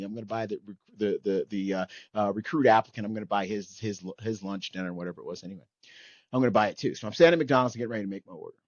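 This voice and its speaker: A middle-aged man hosting a podcast, telling a story in animated bursts with many "okay?" and "anyway" asides. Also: on the low side, no room sound, highs cut off. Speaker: podcast host. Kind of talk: storytelling in casual chat.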